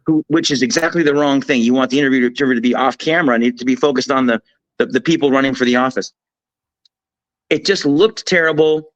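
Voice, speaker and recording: A man's voice: medium pitch, fairly quick, no echo, muffled recording. Emphatic man on a political talk show. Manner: emphatic, animated storytelling with restarts. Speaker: guest commentator.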